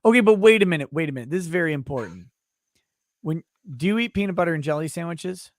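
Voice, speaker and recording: A male host with a fairly high voice speaks on a dry, close sound with no room echo. He asks playful, quick questions in a casual chat over a video call. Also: animated.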